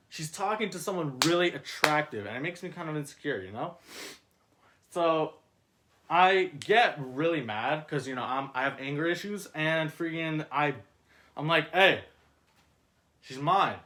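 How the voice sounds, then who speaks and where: This storyteller, reading a script he wrote, has a fairly bright voice on the high side and a measured pace. His absurd tale wanders casually, heavy with fillers and mock-dramatic stress. Frequent self-corrections and mid-sentence restarts break up his delivery.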